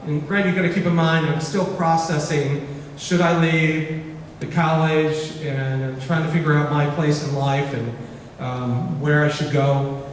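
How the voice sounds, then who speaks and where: Animated man telling a story in an echoey hall. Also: on the high side, slight background noise. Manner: animated storyteller, acts out dialogue. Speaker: keynote speaker. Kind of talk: storytelling speech. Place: large auditorium. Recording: echoey hall recorded from far off.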